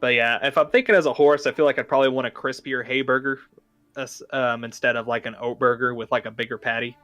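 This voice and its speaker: A man's voice: medium pitch, fairly even intonation, quick pace, a bit bright, faint music behind. A young man hosting a casual online chat, hesitant and rambling, with many fillers and restarts. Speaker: podcast host ranking cartoon foods.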